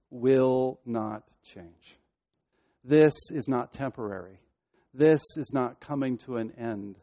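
A man's voice: mid-range voice, warm tone, dry recording, muffled recording. A man preaching a sermon, building emphasis through repeated phrases. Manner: preaching with rising emphasis and repetition. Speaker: pastor.

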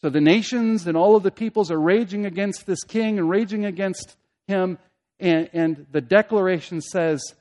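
A man preaching a sermon in a fairly high voice. He builds to loud, emphatic peaks, then drops to hushed, low asides, and he leans on rhetorical questions and repeated phrases. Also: moderate pace. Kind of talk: expository sermon.

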